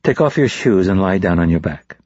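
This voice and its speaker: A man voicing a blunt, composed woman doctor who speaks calmly and matter-of-factly. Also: deep voice, a little fast, no echo, lo-fi sound.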